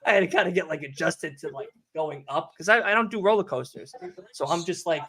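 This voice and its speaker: A man's voice: a little high, sing-song, a little fast, fairly bright tone. A young man with a New York accent, hosting a podcast and telling a rambling, profane story in casual chat. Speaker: podcast host.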